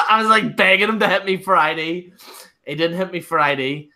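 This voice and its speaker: Lively Belfast man telling pub stories. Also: sits high, normal speed. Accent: Northern Irish. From Northern Ireland. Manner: swearing, laughing storyteller. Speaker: show host. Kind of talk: casual live-stream chat.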